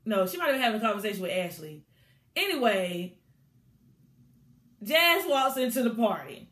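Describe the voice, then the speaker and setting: A woman recapping a TV episode in a casual, animated way, laughing and acting out the scenes as she goes. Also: medium pitch, moderate pace, echoey room. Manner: animated, chatty storytelling with bursts of laughter. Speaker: TV show reviewer.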